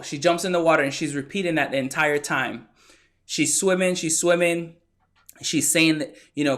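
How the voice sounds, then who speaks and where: A man giving a motivational talk, telling a story with lively acted-out quotes. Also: fairly high pitch, moderate pace. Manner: animated storyteller who acts out the quotes. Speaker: motivational speaker.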